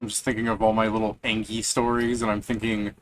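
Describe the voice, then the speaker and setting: A man's voice: on the low side, completely flat delivery, quick pace, no room sound, poor audio. A young man in casual post-game chat, telling rambling stories full of restarts. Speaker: tabletop game player.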